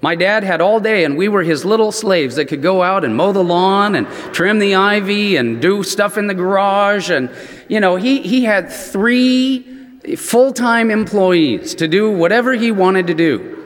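A man preaching a sermon as a chatty personal story, animated and full of "you know" asides. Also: sits high, unhurried. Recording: long reverb in a large hall.

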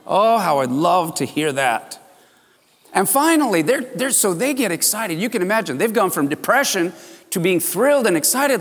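A male pastor preaching a sermon, telling the story with animated exclamations and acting out the disciples' voices. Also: high voice, normal speed, in a large hall.

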